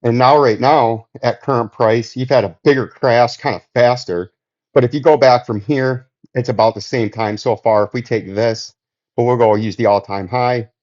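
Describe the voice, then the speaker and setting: A man giving casual, profane market commentary over charts, out of breath and rambling with drawn-out emphasis. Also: medium pitch, fairly even intonation, a little mellow, muffled recording.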